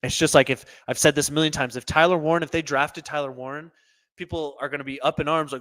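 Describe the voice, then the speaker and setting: A man's voice: fairly high pitch, steady tone, quick pace, fairly bright tone, dry recording. A man hosting his own show, giving opinionated solo sports commentary that often turns into a rant. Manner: opinionated, rants, repeats himself.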